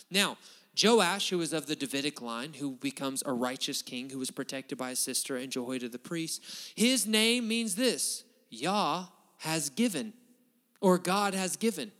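A man preaching a sermon in a folksy, animated way, tossing in "right?" asides. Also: a little high. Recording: hall reverb.

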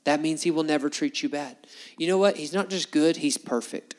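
Man, pastor, animated sermon, rhetorical questions, higher-pitched voice. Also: fairly quick, in a large hall. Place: church hall before a congregation.

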